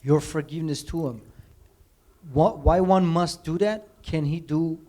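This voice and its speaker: A man's voice: fairly high pitch, measured pace, mellow. A man in the audience asking the speaker hesitant, probing questions.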